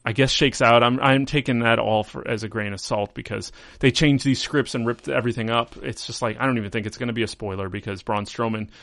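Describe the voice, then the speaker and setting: A man hosts a podcast, rambling casually through a wrestling recap, amused and correcting himself as he goes. His mid-range voice is steady, fairly quick and a bit bright, with no echo.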